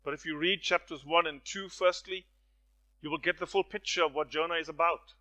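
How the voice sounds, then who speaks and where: A man preaching a sermon, swinging from hushed lines to loud, stirring ones and acting out the voices in his stories. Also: a little high, steady tone, brisk, rough recording. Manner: dramatic swings from soft to loud; storytelling with acted voices.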